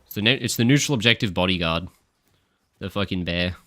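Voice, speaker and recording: A man's voice: low-pitched, fairly quick, sharp tone. A young man streaming a game and commenting live, coaching his team, swearing and barking orders when heated.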